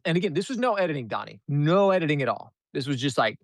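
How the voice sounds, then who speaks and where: A man telling a story as a podcast guest, animated and acting out the dialogue he reports. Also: fairly high pitch, quick pace, hardly any pauses, dry recording. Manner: animated, acts out quoted dialogue. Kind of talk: conversational storytelling.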